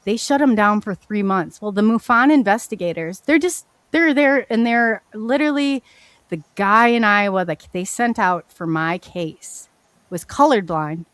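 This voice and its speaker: A woman of middle pitch tells her story in a rambling, animated way, tumbling over herself and restarting sentences mid-thought. Her voice sits dry and close, with no room around it. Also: measured pace, no room sound. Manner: animated, rambling, frequent restarts and self-corrections. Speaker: guest telling her experiencer story. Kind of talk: casual spoken storytelling.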